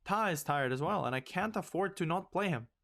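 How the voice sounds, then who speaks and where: A young man hosting a let's play, ranting in exasperation and swinging loud and high when upset. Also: expressive, a little fast, creaky. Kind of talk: ranting game commentary.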